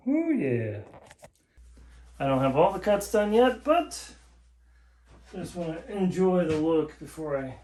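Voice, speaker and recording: A man's voice: a little high, expressive, measured pace, darkish tone, a little hiss or hum. A man chatting casually to the viewer while building something at home, in a jokey, talkative way. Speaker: home DIY vlogger. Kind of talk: casual how-to narration. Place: home office during building work. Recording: roomy echo in a bare room.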